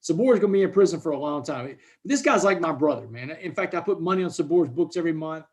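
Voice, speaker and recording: A man's voice: a little high, lively intonation, fast. A man in his forties telling a personal story on an online call, emphatic and repetitive, calling people "man". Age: 40s. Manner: emphatic, repeats words, addresses listeners as "man" and "y'all". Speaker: guest speaker. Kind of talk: conversational storytelling.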